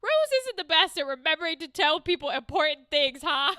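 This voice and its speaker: A young woman from the Boston area streams a story game, talking fast and excitably with sarcasm and swearing. Her voice sits high and bright. The sound is dry and close to the mic. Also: dry recording. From New England, Boston area. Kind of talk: casual live-stream commentary.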